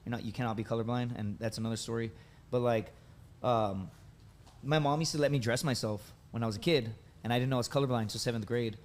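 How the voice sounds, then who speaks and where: Thirties man, podcast guest, mid-range voice, lively and informal delivery. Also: mid-range voice, quick pace. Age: 30s. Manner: animated, says "dude" and "right?" often. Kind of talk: casual storytelling.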